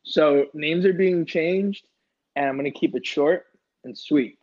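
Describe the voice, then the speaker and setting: Husky young man telling a crude story. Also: on the high side, measured pace. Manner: crude, animated storyteller acting out friends' lines. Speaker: podcast guest telling a story. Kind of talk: casual podcast storytelling. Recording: slightly dull lo-fi sound.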